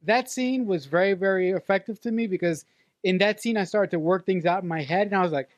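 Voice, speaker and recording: A woman co-hosting a podcast in casual film-review chat, excitable, swearing freely and often stumbling over her words. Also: medium pitch, a little fast, no echo, clean studio sound. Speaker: podcast co-host.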